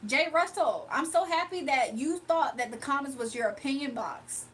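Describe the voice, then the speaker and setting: A woman hosting a livestream with a fairly high voice, reading comments aloud and firing back bluntly. Her tone is sassy and casual, and faint background noise sits under her voice. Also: moderate pace, a bit bright. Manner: blunt, sassy, laughs often. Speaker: livestream host.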